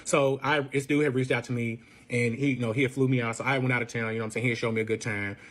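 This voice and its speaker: A young man telling a personal story in a casual, animated, profane way, acting out the dialogue. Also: medium pitch, racing.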